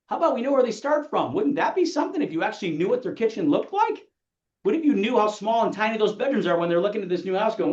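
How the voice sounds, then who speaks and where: A man's voice: sits high, big pitch swings, a little mellow. A man coaching real estate agents in a motivational training talk, firing rhetorical questions at the audience and acting out clients. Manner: rapid-fire rhetorical questions, acts out clients. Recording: echoey, dull room sound.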